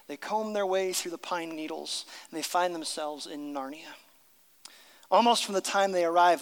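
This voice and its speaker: A man's voice: high voice, fairly bright tone, big-room sound, poor audio. A middle-aged man preaching a sermon, speaking emphatically and sometimes reading aloud from a book. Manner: emphatic, reads story aloud with character voices. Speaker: pastor.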